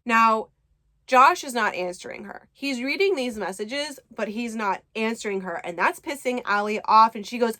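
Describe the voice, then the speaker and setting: A chatty woman with a fairly high voice recaps a book for her viewers. She talks casually and with enthusiasm and drops in the odd swear word. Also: normal speed, sharp tone. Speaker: book reviewer.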